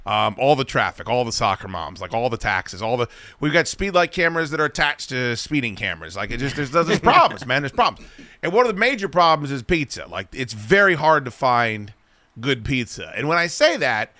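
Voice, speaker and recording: A man's voice: medium pitch, big pitch swings, fairly quick, bright, forceful tone, no room sound. A man hosting a podcast, telling rambling, profane comic stories and acting out the voices of people in them. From Virginia. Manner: profane, rambling anecdotes with acted-out quotes. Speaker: podcast host. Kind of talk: casual comedic storytelling. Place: podcast studio.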